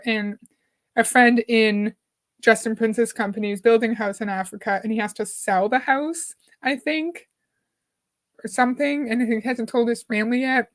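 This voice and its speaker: A woman hosting a live reaction stream, chatting casually, greeting viewers by name and reading their comments aloud. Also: a little high. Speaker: livestream host.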